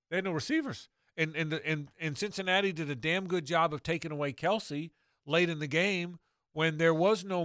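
Man, sports talk host, animated, rambling, restarts, dry close sound. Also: a little high, smooth, no room sound.

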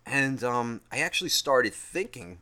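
A man's voice: mid-range voice, expressive, a little slow, pushed and bright. A young man ranting in a profane, rambling, self-mocking monologue, tired after a long day. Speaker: podcast host.

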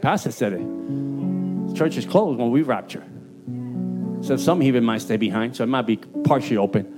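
A man with a Puerto Rican accent preaching an emphatic, streetwise sermon with an altar call. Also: normal speed. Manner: emphatic, streetwise, jumps in pitch for punchlines. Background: guitar music.

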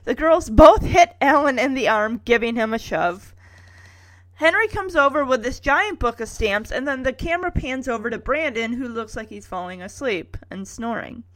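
A woman's voice: a little high, a bit bright. A woman recapping an episode in a casual, chatty way, with wry sarcastic asides.

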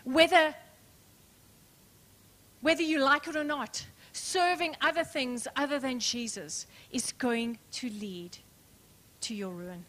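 A woman pastor preaching a sermon, emphatic and questioning, dropping to soft hushed words, calling the congregation her friends. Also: high-pitched, slow, pauses often. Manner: addresses congregation as friends, asks rhetorical questions. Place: church.

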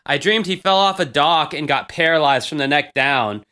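A man's voice: on the high side, normal speed, pushed and bright. A man in his thirties, casually chatting as a podcast host, rambling and crude with self-mocking humor. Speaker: podcast host reading old diary posts. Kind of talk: casual chat.

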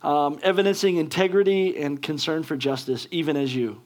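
A man's voice: on the high side, moderate pace, a little mellow, lightly acted. A man voicing an eager, earnest young male student who admires his hero.

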